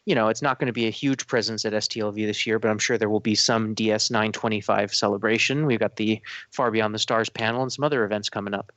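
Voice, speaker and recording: A man's voice: on the low side, fairly even intonation, quick pace, few pauses, fairly bright tone, no room sound. A man with an Irish accent hosting a casual podcast chat, talkative and self-deprecating. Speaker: podcast host.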